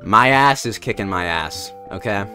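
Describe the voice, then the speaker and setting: A man voicing a stoned man who talks slowly, sighs and rambles in non sequiturs. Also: fairly low pitch, lively intonation, sharp tone, faint music behind, voice pushed down. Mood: rambling. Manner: slow, drawn-out, sighing delivery.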